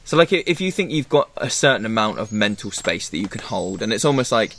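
A former teacher who now leads a forest school chats casually, rambling and interrupting himself while acting out quotes. His lowish voice is fast and a bit bright, with vocal fry and big swings in pitch.

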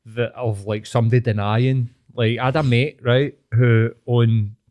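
A man's voice: medium pitch, fairly even intonation, measured pace, a little mellow. A young Scottish man hosting a podcast, telling stories animatedly with swearing and laughter. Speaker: podcast host. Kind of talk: casual chat.

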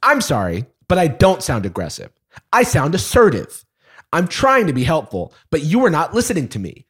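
Man voicing a stubborn chatbot, husky, very lively pitch, politely insistent. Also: moderate pace, heavily acted. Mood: assertive. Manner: polite phrasing with mounting insistence, read aloud. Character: stubborn, passive-aggressive male chatbot. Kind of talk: dramatic reading of a chat log.

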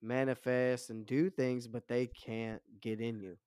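A man in his twenties, a podcast guest, telling a wild story in a casual, profane and animated way. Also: medium pitch, measured pace, smooth, no echo, studio quality. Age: 20s.

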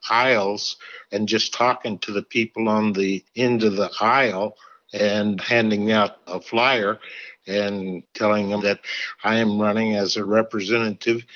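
A man's voice: on the low side, fairly bright tone. An older man, a guest, telling his story in a plain conversational way. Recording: dull lo-fi recording.

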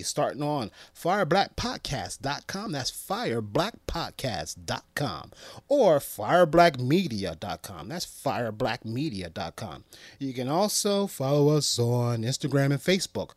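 A man hosting a comedy podcast, joking and acting out little scenes in a playful, animated way. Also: medium pitch, no echo. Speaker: podcast host.

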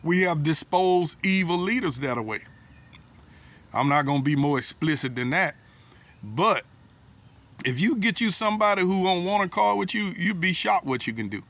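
Speaking at a normal pace in a high, animated, fairly bright voice, this lay preacher gives a casual sermon addressed to brothers and sisters. His delivery is folksy, with personal anecdotes, dialect grammar, and repeated words.

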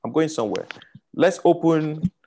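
A man with a Nigerian accent teaching from scripture in a somewhat high voice. He is animated and circles back to repeat words for emphasis, often dropping in fillers. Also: normal speed, slight background noise. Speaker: Bible teacher. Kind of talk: teaching sermon.

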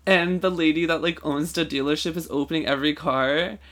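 A man's voice: on the high side, fairly even intonation, fairly quick, a bit bright. Young man rambling through a story. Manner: rambling, full of "like" fillers and swearing. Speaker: podcast co-host. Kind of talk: casual chat, storytelling.

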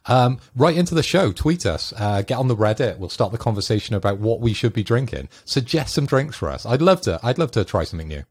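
A man's voice: mid-range voice, very animated, brisk, few pauses, a little mellow, husky. A man co-hosting a casual podcast, dry and teasing. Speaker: podcast co-host. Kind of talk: casual chat.

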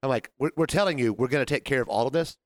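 A man's voice: mid-range voice, very fast, no echo, studio quality. A man hosting a podcast, telling work stories in casual chat and acting out quoted lines. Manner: animated storyteller, acts out quotes. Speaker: podcast host.

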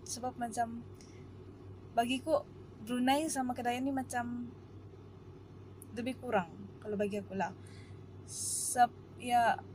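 A woman's voice: fairly high pitch, a little mellow, a little hiss or hum, rough recording. Chatty Malaysian woman in her twenties. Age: 20s. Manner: chatty, rambling with many fillers. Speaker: vlogger. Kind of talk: casual monologue to camera. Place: parked car.

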